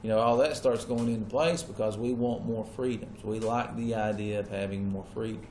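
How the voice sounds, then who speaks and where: A man's voice: lowish voice, fairly even intonation, normal speed, a little mellow, slight background noise. A male teacher lecturing a classroom in a casual way and often checking that the students are following.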